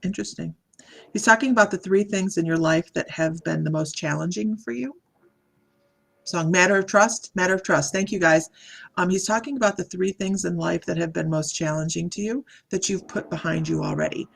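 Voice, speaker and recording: A woman doing a live psychic reading, speaking in a halting, meandering way and greeting viewers by name as she reads their comments. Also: on the low side, creaky, fairly bright tone, breathy edge. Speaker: psychic medium.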